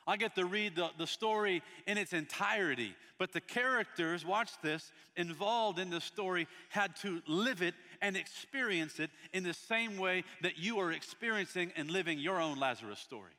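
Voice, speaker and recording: Bright-voiced preacher in a long echoing hall. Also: male voice, high-pitched, normal speed, few pauses, some chatter behind. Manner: reads scripture aloud and breaks off to speak to the congregation; swings between loud and soft delivery. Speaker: pastor. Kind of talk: sermon. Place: church.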